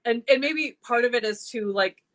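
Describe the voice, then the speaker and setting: A woman's voice: on the high side, normal speed, fairly bright tone. A woman co-hosting a fan podcast, chatting casually and enthusiastically. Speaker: podcast co-host.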